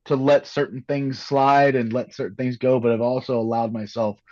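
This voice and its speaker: Male podcast guest, mid-pitched, earnest and halting, muffled dry recording. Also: little pitch movement, a little mellow, no echo. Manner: earnest, halting, repeats words. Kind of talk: candid conversation.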